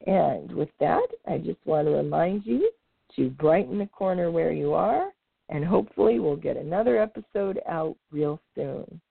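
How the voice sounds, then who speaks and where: A woman reads a children's animal story aloud, her pitch leaping and falling with lively expression. Her voice is raspy and gravelly, recorded dry and tinny, like a phone line. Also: moderate pace, no echo. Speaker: podcast host reading aloud.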